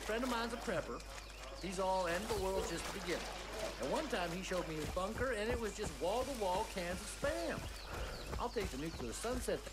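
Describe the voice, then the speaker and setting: Goofy redneck party bro, drawling, rambling, high-pitched, noisy game audio. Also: male voice, lively intonation, a little fast. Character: rowdy redneck party dude, young adult man. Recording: game audio with loud background noise.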